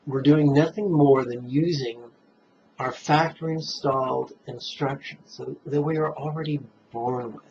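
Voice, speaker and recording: A man teaching meditation in a relaxed, playful dharma talk, chuckling at his own jokes and guiding listeners step by step through the breath. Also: mid-range voice, creaky, a little hiss or hum. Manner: guides listeners slowly through breathing steps. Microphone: camera mic, self-filmed. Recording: dull, muffled camera audio.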